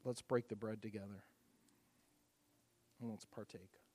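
Man preaching with loud swells and hushed lows. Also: fairly even intonation, unhurried. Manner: storytelling with swings from loud emphatic peaks to hushed softness; casual, repeats words and uses fillers. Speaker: pastor leading communion. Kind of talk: sermon.

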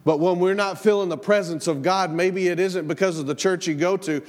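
Pastor preaching in a reverberant church. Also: male voice, high voice, normal speed. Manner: conversational preaching, repeats words, tells family anecdotes. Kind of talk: sermon. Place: church sanctuary. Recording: long church hall reverb.

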